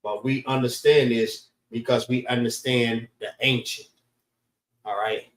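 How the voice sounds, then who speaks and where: A man teaching an informal scripture class in a relaxed way, often saying "all right" between points. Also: mid-range voice, a little slow. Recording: roomy echo.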